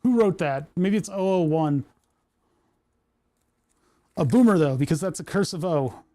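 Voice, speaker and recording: Here the Twitch streamer sounds on the high side and warm, with lively intonation and a measured pace. He chats casually to himself at his workbench, tinkering, grumbling and joking.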